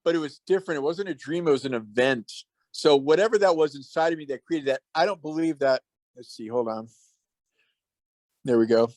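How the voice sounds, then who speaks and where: Earnest man, slightly high voice. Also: a little mellow, no echo. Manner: earnest and reflective, with many halting restarts. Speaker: host. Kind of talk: casual talk.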